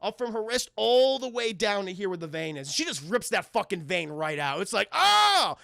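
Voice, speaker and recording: High raspy streamer guy swearing thru a movie recap, lots of uhs, bright, dry sound. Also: a little fast, dry recording. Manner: profane, rambling, many fillers. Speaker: streamer reviewing a film. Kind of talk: casual spoiler recap to chat.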